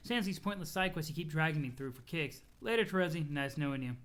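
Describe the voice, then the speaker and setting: A reader playing a cool, irritable teenage boy who sneers through every line in a deadpan way. The voice comes across bright and edged. It is read aloud for a web comic. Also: medium pitch, fast, voice pushed down, lightly acted. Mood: scornful.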